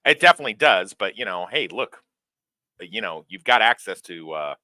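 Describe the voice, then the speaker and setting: A man's voice: on the low side, sing-song, moderate pace, bright, forceful tone, no echo. A man co-hosting a casual film podcast, joking bluntly and swearing. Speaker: podcast co-host.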